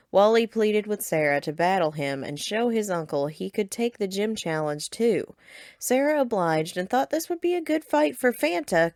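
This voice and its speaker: Woman with a low voice telling a story. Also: no echo, clean studio sound. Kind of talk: storybook narration of a game playthrough.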